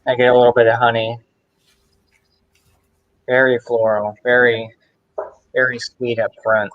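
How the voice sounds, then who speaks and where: A man's voice: medium pitch, level tone, unhurried, phone-quality sound. A man tasting beer and describing it in a rambling, casual way as a guest on a video call.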